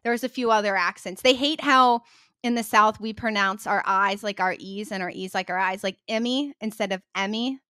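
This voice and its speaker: Upbeat woman co-host, mid-pitched voice, dry close recording, keeps the sports chat moving. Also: moderate pace, bright, forceful tone, smooth, no room sound. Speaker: podcast co-host.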